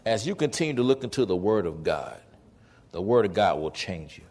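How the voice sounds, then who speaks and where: A man in his forties with a somewhat low voice, preaching a lively sermon. He tells stories with energy and slips into acted-out dialogue. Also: fairly quick. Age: 40s. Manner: animated storytelling, acts out dialogue. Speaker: pastor.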